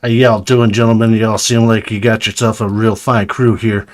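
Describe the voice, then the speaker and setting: A man's voice: fairly low pitch, level tone, moderate pace, natural voice. A man putting on a chummy would-be Brooklyn tough guy. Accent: attempted Brooklyn. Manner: jokey, laughing, overfamiliar. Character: friendly swaggering guy, folksy and chummy.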